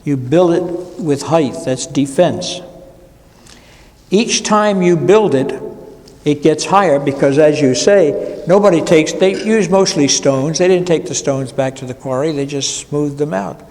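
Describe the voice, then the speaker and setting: A male pastor teaching adult education gives an informal Bible class lecture in a church classroom, speaking in a conversational, wandering way with wry asides. His voice is a little high for a man, a little slow and a little mellow. A long reverb from the room trails each phrase.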